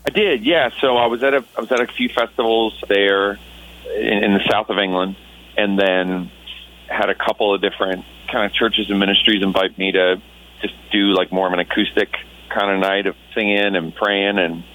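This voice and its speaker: Earnest reflective man, lower voice. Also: steady tone, moderate pace, a bit bright, low-quality recording. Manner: earnest and reflective, with many restarts. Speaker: Christian musician guest. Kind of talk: casual radio interview.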